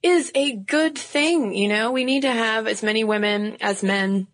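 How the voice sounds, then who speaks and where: A woman's voice: on the high side, measured pace, a bit bright, no echo. A woman co-hosting a podcast in casual chat, earnest and laughing easily. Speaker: podcast co-host.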